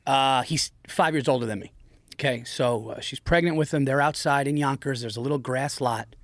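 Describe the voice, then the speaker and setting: A man in his forties telling a story in an animated, profane way on a podcast, often slipping into an impression of his father. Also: mid-range voice, normal speed, no room sound. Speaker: guest. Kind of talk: casual storytelling. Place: podcast studio. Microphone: studio mic.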